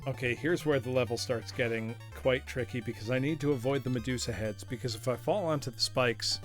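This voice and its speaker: A male streamer talks his way through a retro game at mid pitch, loose and playful, breaking into laughter as he chats. He calls his viewers "class" like a teacher, with faint game music playing under his voice. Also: brisk. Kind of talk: live gaming commentary.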